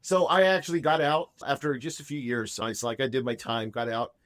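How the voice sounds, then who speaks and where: This fifties-aged man is a podcast guest who spins a long personal tale casually, wandering and restarting often. He sounds animated and brisk, with a mid-range voice and fairly bright tone, recorded dry at studio quality.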